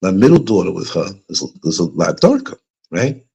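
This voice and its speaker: Animated New man telling a story. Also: moderate pace, vocal fry, breathy edge. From United States. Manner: animated storytelling, voices quoted people in a higher pitch. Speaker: livestream host. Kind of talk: casual storytelling to a live chat.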